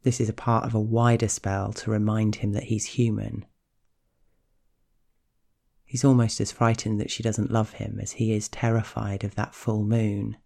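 A man narrating a scripted story in a slow, hushed, measured way. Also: lowish voice, level tone, gravelly.

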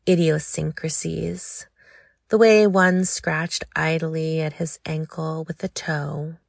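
A woman narrating an audiobook in a slow, intimate, low-key reading. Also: gravelly, no room sound, clean studio sound.

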